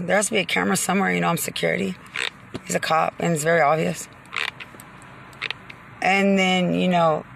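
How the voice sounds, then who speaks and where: A woman's voice: fairly low pitch, vocal fry, a bit bright, slight background noise. A woman in a rambling, agitated rant, accusing and cursing at the people she blames. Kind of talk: angry rambling rant to camera.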